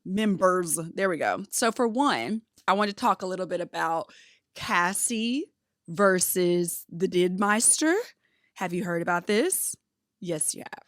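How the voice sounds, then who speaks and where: A woman's voice: lowish voice, expressive, measured pace, fairly bright tone, no room sound, studio quality. A woman hosting a podcast, chatting casually in a bubbly, slangy way. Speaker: podcast host.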